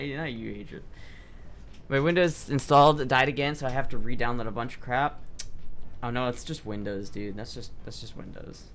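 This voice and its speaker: A young man livestreaming, chatting casually and reading chat aloud in a loose, profane, animated way. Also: on the high side. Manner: loose, profane, animated, with frequent restarts and laughs. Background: faint background music.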